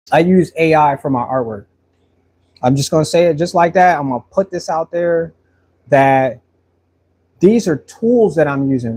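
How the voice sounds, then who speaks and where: A man's voice: a little high, darkish tone, husky. A man painting on a livestream, talking in a loose, long-winded way, full of fillers. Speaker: painter livestreaming his work. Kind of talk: casual rambling talk while painting.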